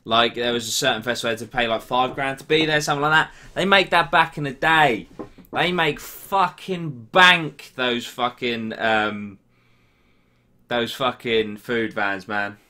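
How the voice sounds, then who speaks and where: An English man in his twenties with a bright, edgy tone, talking casually and ranting about whatever bugs him. He swears freely and gets heated fast as he answers viewer questions. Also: mid-range voice, steady tone. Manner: ranty, sweary, quick to get heated. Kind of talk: casual Q&A chat.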